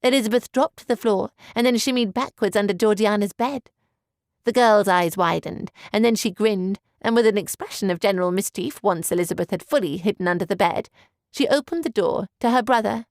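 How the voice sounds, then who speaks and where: A woman reads an audiobook aloud in measured, even narration. Her voice carries a gravelly texture, and the recording is dry and close, with no room sound. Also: mid-range voice, dry recording. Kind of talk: scripted narration.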